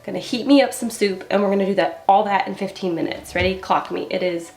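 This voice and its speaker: A woman in her thirties, a vlogger and kitten foster, chats casually in a get-ready-with-me vlog as she gets ready at home, rambling and poking fun at herself. Her medium-pitched voice is fast and a little mellow, heard in a roomy space over soft background music.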